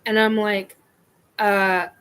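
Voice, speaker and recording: Slow-talking woman telling a rambling story. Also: medium pitch, level tone, a bit bright, clean tone. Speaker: host. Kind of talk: personal experience story.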